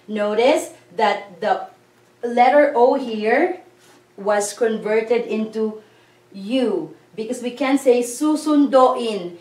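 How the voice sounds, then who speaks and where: A woman teaching a language lesson, explaining grammar patiently and repeating words slowly to drill them. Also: fairly high pitch, darkish tone. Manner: patient, slow, spells out letters and repeats words. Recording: echoey room, voice from a distance.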